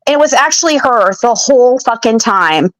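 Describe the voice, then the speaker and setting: A woman's voice: fairly high pitch, expressive, normal speed, slight background noise, low-quality recording. A woman who is a guest on a livestream, speaking in an upset and defensive way and often repeating herself and restarting. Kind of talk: casual livestream chat.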